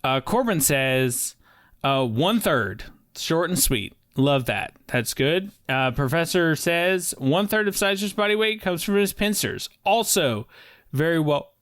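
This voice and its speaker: A man running a casual podcast quiz as the teacher, halting and full of uhs and restarts. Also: on the high side, lively intonation, fairly bright tone, no echo, studio quality.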